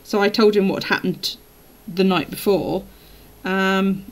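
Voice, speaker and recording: A woman's voice: mid-range voice, fairly even intonation, unhurried, poor audio. A woman chatting casually on a live stream while journaling, telling stories and laughing often.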